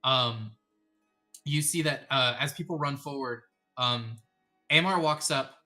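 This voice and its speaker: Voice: mid-range voice, unhurried, pushed and bright, soft background music. A game master narrating a tabletop game in a rambling way, with many ums and uhs.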